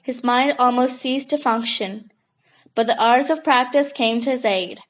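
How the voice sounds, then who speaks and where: A woman's voice: a little high, measured pace, rough recording. Woman reading a children's book aloud. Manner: steady storytelling. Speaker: audiobook narrator. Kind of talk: scripted children's book narration.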